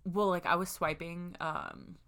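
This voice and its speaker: A woman's voice: on the low side, measured pace, a crowd in the background. A young woman in casual chat, telling stories animatedly with lots of fillers. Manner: animated storyteller, many fillers.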